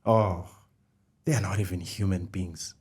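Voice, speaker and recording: A man's voice: deep voice, steady tone, a little slow, a little mellow. A middle-aged man co-hosting a faith podcast, explaining ideas step by step and repeating the key phrases. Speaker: podcast co-host. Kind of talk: conversational faith discussion.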